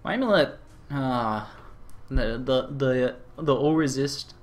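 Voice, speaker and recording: Chatty Australian man streaming games. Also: medium pitch. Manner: chatty, rambling, with frequent fillers and quick laughs. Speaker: game streamer. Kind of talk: casual live-stream chat while gaming.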